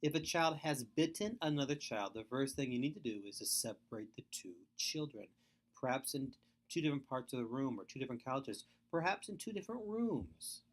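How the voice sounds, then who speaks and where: A middle-aged man speaks in an earnest, emphatic webinar lecture. His pitch rises and falls a great deal as he stresses each point. He often circles back to repeat the key advice. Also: lively intonation, fairly quick. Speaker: foster care speaker.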